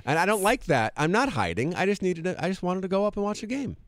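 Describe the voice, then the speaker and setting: A man taking part as a guest in a casual chat, telling family stories in a quick, animated way. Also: high-pitched, no room sound, clean studio sound.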